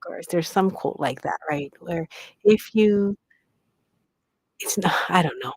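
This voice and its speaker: A woman's voice: on the low side, slow, husky, no room sound, low-quality recording. Chatty woman host, whispering asides. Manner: chatty, laughs often, drops into whispers. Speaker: livestream host at a bead shop. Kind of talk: chatty live demo commentary. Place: bead shop workroom.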